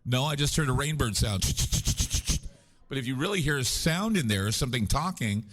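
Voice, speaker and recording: A man's voice: mid-range voice, lively intonation, moderate pace, fairly bright tone. A man guesting at a paranormal conference, telling long rambling stories with jokes at his own expense. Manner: rambling, joking, self-deprecating storyteller. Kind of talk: casual chat. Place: live at a conference.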